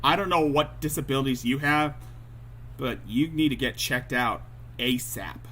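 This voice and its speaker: A man's voice: mid-range voice, moderate pace, a bit bright, a little hiss or hum. A man hosting a livestream, reacting to clips with angry, profane ranting. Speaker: livestream host.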